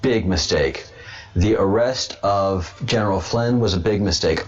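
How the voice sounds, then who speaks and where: A man's voice: fairly low pitch, expressive, unhurried. A man hosting a casual livestream who rambles, repeats himself and restarts sentences often. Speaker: host of a livestream show. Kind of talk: casual political livestream commentary. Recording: dull lo-fi webcam sound.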